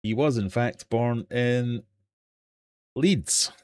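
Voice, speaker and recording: Jokey quizmaster, low voice. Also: male voice, expressive, unhurried, a little mellow, no room sound. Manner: jokey, self-mocking quizmaster. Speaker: livestream quiz host. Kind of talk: live quiz hosting chat. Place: home fish room.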